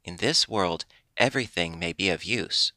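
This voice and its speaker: A man voicing a patient, gentle old father who lectures mildly and never loses his temper. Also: low voice, moderate pace, no room sound.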